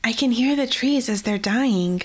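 A woman's voice: a little high, measured pace, pitched above the performer's own voice. A woman voicing a sensitive, earnest young woman who can hear dying trees, speaking in an anxious, earnest way.

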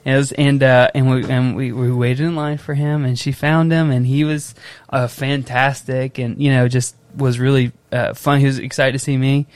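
Expressive young dad telling a story. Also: male voice, mid-range voice, normal speed, hardly any pauses, no echo. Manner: animated storyteller, acts out his daughter's voice; emotional, tears up easily. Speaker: podcast co-host. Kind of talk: casual chat.

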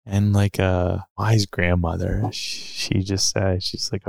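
A man's voice: sits low, little pitch movement, measured pace, vocal fry, no echo. A man on a podcast telling a reflective personal story in a casual, musing way, with lots of fillers. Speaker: podcast speaker.

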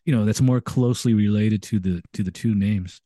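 Low mellow guy on a video call, chill beer chat, stammers a bit, dry sound. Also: brisk, no room sound. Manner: easygoing, stammers when starting a thought. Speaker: podcast co-host. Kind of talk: casual chat over beers.

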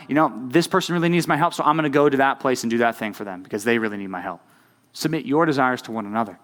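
A young man with a mid-range, slightly bright voice talks very fast. He's a youth pastor giving a conversational sermon to a youth group. He asks "right?" repeatedly to check in with them.

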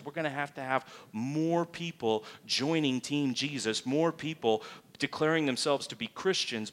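A man's voice: mid-range voice, a bit bright. A man preaching a sermon in a church as its pastor, emphatic and full of rhetorical questions.

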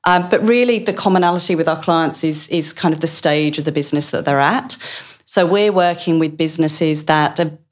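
A woman's voice: low voice, normal speed. A woman in her thirties from Essex with an Essex accent drifting toward Australian, chatting as a podcast guest with frequent ums and restarts. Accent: Essex English with Australian drift. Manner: chatty, many ums and self-corrections. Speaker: guest, director of a virtual CFO advisory firm. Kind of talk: casual podcast interview.

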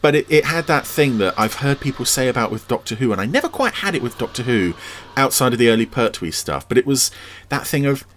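A man's voice: medium pitch, expressive, a little fast, a bit bright, soft background music. A man hosting a podcast, giving chatty, enthusiastic commentary over an old TV episode. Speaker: podcast host.

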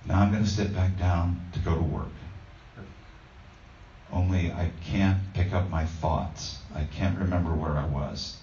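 A man's voice: low-pitched, steady tone, measured pace, warm tone, a little hiss or hum. A man giving a conversational sermon as a pastor, telling a self-deprecating story with plenty of fillers. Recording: roomy, distant, dull sound.

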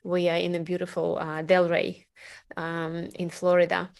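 A woman with a Russian accent hosting a podcast interview, speaking haltingly with many fillers. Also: fairly low pitch, monotone, vocal fry. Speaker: podcast host. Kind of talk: casual interview chat.

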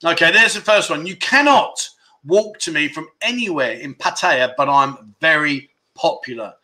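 A man's voice: fairly high pitch, expressive, moderate pace, pushed and bright. Chatty man hosting a quiz. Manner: chatty, teasing, reads viewer comments aloud. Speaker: livestream host. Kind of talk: casual livestream quiz chat.

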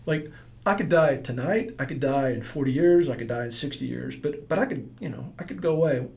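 Middle-aged male entrepreneur, gravelly voice, rambling storyteller who acts out the quotes. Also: mid-range voice, lively intonation, a little fast, a little mellow. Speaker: entrepreneur guest. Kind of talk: storytelling in a casual interview.

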